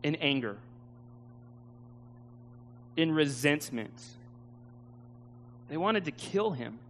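A man preaches a sermon in a high, light voice. He tells a story with feeling and laughs at himself. A faint hum sits under the recording. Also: animated, takes it slowly. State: tearful at times.

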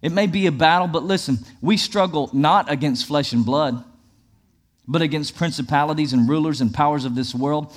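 A man's voice: a little high, normal speed. A male pastor preaching a sermon in an emphatic, repetitive cadence.

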